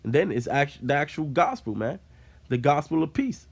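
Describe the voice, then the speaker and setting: A man's voice: fairly high pitch, sing-song, moderate pace, creaky. Man reading and explaining scripture casually. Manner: reads scripture aloud then explains it in casual talk, with fillers like "man". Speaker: Bible teacher. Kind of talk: informal Bible study teaching.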